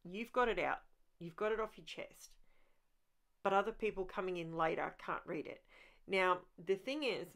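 A woman narrates her crafting video in a fairly low, creaky voice with a fairly bright tone at a moderate pace. Chatty and rambling, she thinks aloud with frequent restarts and is clearly enthusiastic about messy art play.

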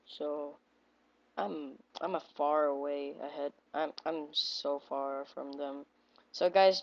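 Woman, casual gameplay commentator, excitable, repeats short exclamations, low voice, dull lo-fi mic. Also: no room sound. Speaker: gaming video creator.

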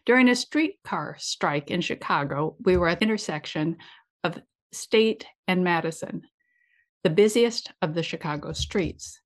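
A woman's voice: fairly low pitch, lively intonation, measured pace. A woman reading an old memoir aloud in a matter-of-fact way. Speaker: reader.

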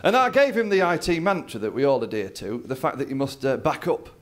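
Performing stand-up at a comedy venue before a live audience, a man with a mid-range voice tells a story briskly and with great animation. He acts out other people's lines, including his dad's.

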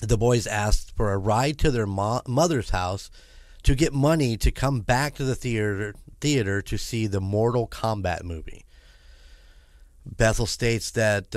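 A man with a fairly low voice reads a creepy story aloud, breaking off now and then for loose, chatty asides. The recording is dry and close, with no room sound. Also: no room sound. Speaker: podcast co-host reading a story. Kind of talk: casual podcast storytelling.

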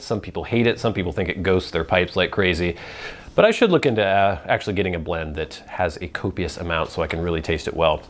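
Rambling, casual male host. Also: low-pitched. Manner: rambling, self-deprecating, conversational. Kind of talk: casual solo show answering viewer questions.

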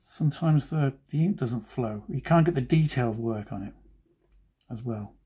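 Mellow husky-voiced joking cartoonist man. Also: medium pitch, normal speed. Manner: joking, self-deprecating asides. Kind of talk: chatty drawing commentary.

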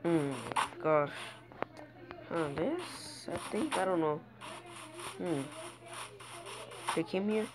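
A woman's voice: lowish voice, big pitch swings, very slow, long pauses, background noise. A woman giving live gameplay commentary, panicky and pleading, talking to herself as she plays. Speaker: gamer. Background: loud game music.

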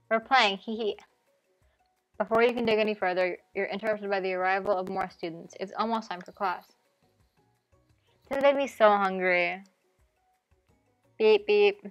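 Wry woman streamer reading a game. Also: medium pitch. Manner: wry, playful narration with asides.

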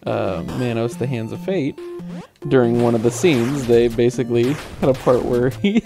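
A man hosting a casual let's-play commentary, giggly and excitable, laughing often as he plays. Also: medium pitch, moderate pace, gravelly, music in the background. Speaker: gaming channel host.

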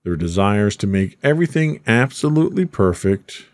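A man's voice: on the low side, expressive, moderate pace, no room sound, clean studio sound. A man hosting a podcast, reading a script aloud between teasing, casual banter with his co-host.

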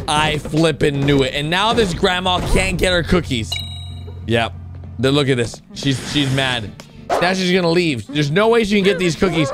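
A young man hosting a reaction video, commenting excitedly on cartoons, shouting and gasping at the surprises and talking straight to his viewers. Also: high voice, normal speed, over music.

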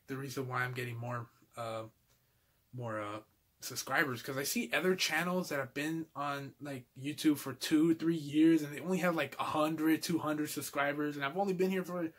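In a relaxed vlog about his toy collection, a young man with a slightly high voice seems tired and winded. He's easygoing and loves addressing everyone as dude.

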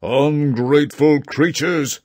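A man's voice: on the high side, slow, a little mellow, no room sound, studio quality. A man voicing a scolding plane tree. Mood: reproachful. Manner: reproachful, preaching. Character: proud plane tree scolding ungrateful men.

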